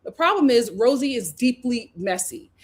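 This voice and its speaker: Woman, casual recap host, chatty, opinionated, fairly high-pitched. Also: sing-song, normal speed. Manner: chatty and opinionated, full of "like" and "you know"; laughs often while talking.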